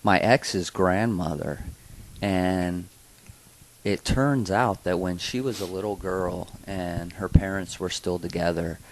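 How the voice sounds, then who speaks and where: A man's voice: sits low, fairly even intonation, slow pace, slight background noise, poor audio. A man co-hosting a comedy podcast, telling a personal story in a rambling, hesitant way with lots of fillers. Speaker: podcast co-host. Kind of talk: casual storytelling chat.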